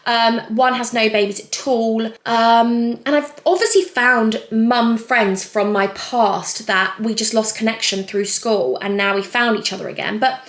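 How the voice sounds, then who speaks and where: A woman's voice: fairly high pitch, measured pace, few pauses, a bit bright. A young pregnant woman chatting casually through a Q&A while doing her makeup, rambling and laughing often. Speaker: vlogger. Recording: echoey room.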